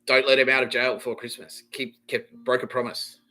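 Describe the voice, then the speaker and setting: A man hosting a podcast, rambling through an excitable, profane comedy monologue and laughing often mid-sentence. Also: mid-range voice, brisk, low-quality recording. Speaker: podcast host.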